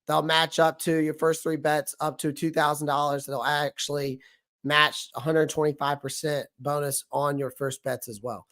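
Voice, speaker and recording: A man hosting a fan livestream about his football team, hoarse from losing his voice, talking bluntly and repeating his points. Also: a little high, level tone, moderate pace, a bit bright. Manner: blunt, emphatic, repeats himself. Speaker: sports fan show host. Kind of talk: livestream sports rant.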